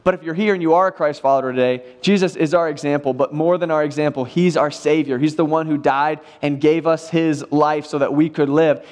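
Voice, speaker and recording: High-voiced man preaching a lively sermon. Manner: casual, animated storytelling with acted-out quotes. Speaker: pastor. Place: church.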